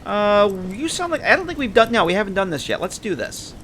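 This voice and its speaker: A man's voice: high voice, big pitch swings, a little fast, fairly bright tone, slight background noise. Chatty male game streamer. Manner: chatty, talks to viewers and game characters. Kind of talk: casual live-stream commentary.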